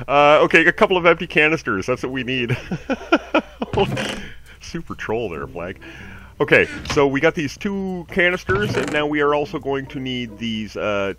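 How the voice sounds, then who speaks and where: A Canadian man hosting a let's play, giving rambling, excitable commentary as he plays. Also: medium pitch. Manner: rambling, excitable, talks to himself. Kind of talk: casual gameplay commentary.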